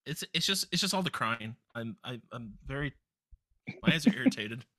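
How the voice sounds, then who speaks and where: A man's voice: medium pitch, sing-song, normal speed, fairly bright tone, dry recording. A man joking around as a player in a tabletop game. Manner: jokey, quips with frequent laughs. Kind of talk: casual tabletop game chat.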